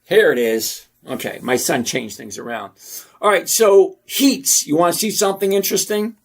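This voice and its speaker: A middle-aged man hosting a stock trading channel, walking through numbers on screen in a casual, teasing, sarcastic way and repeating points slowly for emphasis. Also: on the high side, vocal fry.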